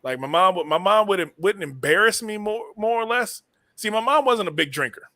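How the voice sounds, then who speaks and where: A man hosting a comedy podcast, telling stories with animated laughter. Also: high voice, normal speed, dry recording, studio quality. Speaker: podcast host. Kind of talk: casual comedy podcast chat.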